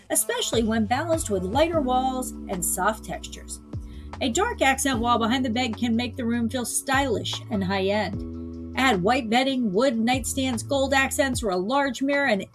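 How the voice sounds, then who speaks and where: A woman realtor presenting a home decor vlog in a bubbly, playful way, with jokey asides. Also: fairly high pitch. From Florida.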